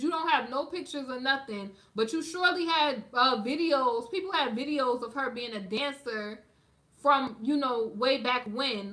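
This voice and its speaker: Speaking directly to her live stream viewers, a woman dishes out sassy, emphatic gossip in casual slang. She has a high, slightly bright voice and takes her time.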